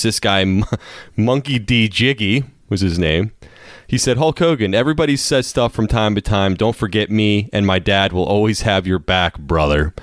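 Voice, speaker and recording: A man's voice: fairly low pitch, no room sound, studio quality. A man co-hosting a podcast, telling rambling stories in casual chat and laughing through them. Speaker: podcast co-host.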